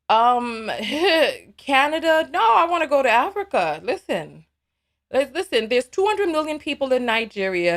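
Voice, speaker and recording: A woman hosting a live call-in stream, reading viewer messages aloud and commenting in an animated, sassy way. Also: a little high. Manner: animated, sassy, quick to laugh. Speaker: live call-in show host.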